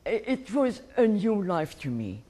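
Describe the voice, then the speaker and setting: With a mid-range voice and a slightly slow delivery, this animated elderly woman from Egypt shares personal stories as a guest speaker. Warmth fills her telling, and she laughs along with her own tale.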